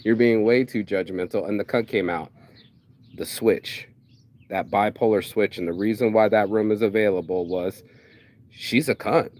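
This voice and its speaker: Male vlogger with an animated, profane storytelling delivery, voicing every side of the exchange himself. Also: lowish voice, moderate pace. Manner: animated, acts out both sides of conversations, swears. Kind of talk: casual storytelling rant.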